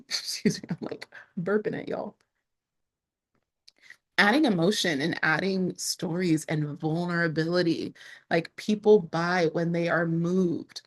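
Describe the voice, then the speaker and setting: Chatty woman, laughing often. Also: fairly low pitch. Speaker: online creator and speaker. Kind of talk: casual talking-to-camera vlog.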